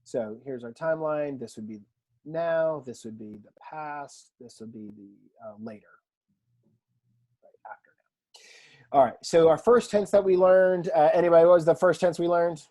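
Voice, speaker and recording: A man teaching a language class in a relaxed lecture style, chatty and self-deprecating, often quizzing his students. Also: on the high side, moderate pace. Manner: conversational, self-deprecating, asks the class questions. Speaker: Greek teacher.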